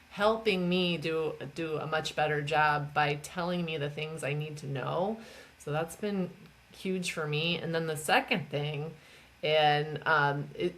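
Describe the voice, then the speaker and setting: A woman's voice: on the low side, fairly bright tone. A woman speaking as a coaching client on a podcast panel, talking casually and gratefully with many fillers.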